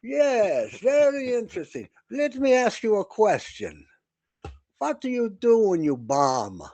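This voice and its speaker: Man playing a condescending German ship captain, pompous, pitched up high with a lively swing. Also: unhurried, no room sound, full character voice. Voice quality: pompous, probing.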